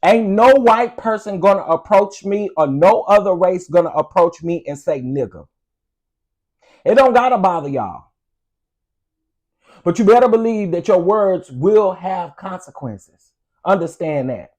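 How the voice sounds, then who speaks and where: A man hosting an online commentary show, ranting emphatically and sassily. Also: sits high. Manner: loud, emphatic, sassy.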